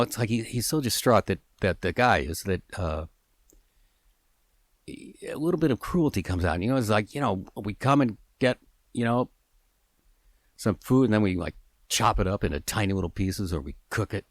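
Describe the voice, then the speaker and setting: A man telling an improvised story in a halting, earnest way with many restarts. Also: on the low side, no room sound, studio quality.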